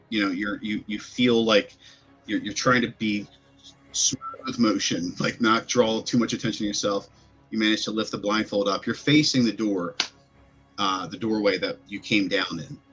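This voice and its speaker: A man's voice: lowish voice, moderate pace, a bit bright, husky. A man narrating a tabletop game as game master, describing sounds in loose, rambling sentences full of fillers. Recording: faint music behind.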